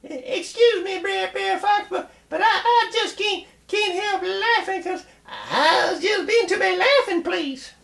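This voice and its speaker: A man voicing a sly male rabbit in a told folk tale, squeaky and breaking into laughter. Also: racing, creaky, few pauses, dark tone, roomy sound. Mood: giddy. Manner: high, laughing, breathless.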